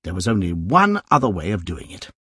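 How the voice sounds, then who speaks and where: Husky man reading a classic novel. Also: sits low, brisk, dry recording, studio quality. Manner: lively, varied storytelling delivery. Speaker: narrator. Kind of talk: expressive audiobook narration of a classic novel.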